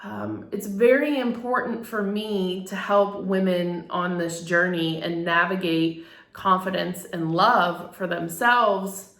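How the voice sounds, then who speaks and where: A woman's voice: fairly low pitch, steady tone, takes it slowly, a bit bright. A middle-aged woman, a photographer, telling a personal story in a candid, emotional way, laughing now and then and using many fillers. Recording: echoey room.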